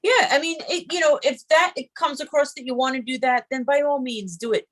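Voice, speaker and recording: A woman's voice: high-pitched, brisk. A woman co-hosting a casual chat, talking in an earnest, encouraging way as she gives advice. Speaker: co-host.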